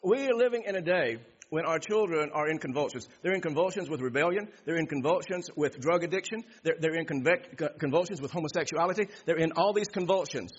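Husky-voiced man preaching in a hall. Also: on the high side, animated, fast. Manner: preaching, expository, repeats phrases for emphasis. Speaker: pastor. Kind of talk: sermon. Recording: dull echoey hall.

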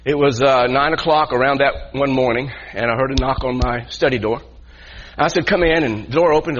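A man's voice: medium pitch, fairly bright tone. A male pastor telling a personal story in a sermon, earnest and repeating himself as he builds his point. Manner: earnest storytelling with frequent restarts. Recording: muffled lo-fi sound.

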